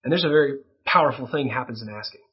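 A middle-aged man preaching a sermon on raising children, earnest and teaching, now and then acting out small role-plays with gentle quoted lines. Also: mid-range voice, fast, slightly rough, dull audio. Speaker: pastor. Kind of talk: sermon on parenting.

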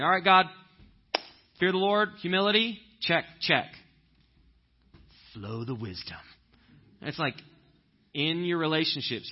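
A man preaching a conversational sermon, telling stories and breaking into loud animated impressions. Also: medium pitch, breathy edge, muffled recording. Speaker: pastor.

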